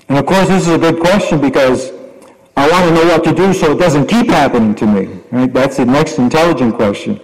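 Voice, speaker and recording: A man's voice: a little high, fairly quick. A man giving a reflective sermon, reciting Sanskrit verses and explaining them. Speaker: spiritual teacher. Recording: long hall reverb.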